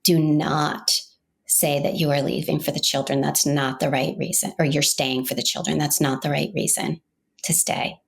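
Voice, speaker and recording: A woman's voice: low-pitched, little pitch movement, normal speed, gravelly. A middle-aged woman from Maine, a podcast host telling her own story in an earnest, heartfelt, reflective way. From Maine, United States.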